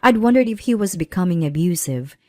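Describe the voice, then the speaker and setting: A woman in her thirties narrating a personal story in a measured, plaintive way. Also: on the low side, lively intonation, a little mellow, no echo. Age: 30s.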